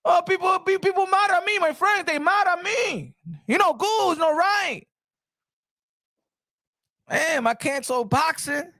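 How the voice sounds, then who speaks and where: A boxing show host talks in a very high voice, dry and close to the mic. He is loud and playful, repeating himself in mock outrage and slipping into Spanish. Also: unhurried, long pauses, no echo. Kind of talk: animated solo boxing talk.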